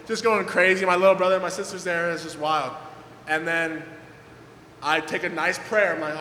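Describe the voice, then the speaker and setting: Man, casual animated storytelling, fairly high voice, echoey hall. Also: a little fast, slight background noise. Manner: animated, filler-heavy, acts out quotes. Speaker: guest pro skateboarder. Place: event hall with audience. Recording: echoey hall, faint ambience.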